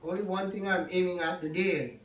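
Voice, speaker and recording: A man with a slightly high voice tells a devotional story to a live audience, often checking in with them by asking 'yes?' and 'no?'. He is heard from some distance in a large hall that echoes noticeably. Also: steady tone, brisk. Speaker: religious storyteller. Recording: echoey hall, mic far off.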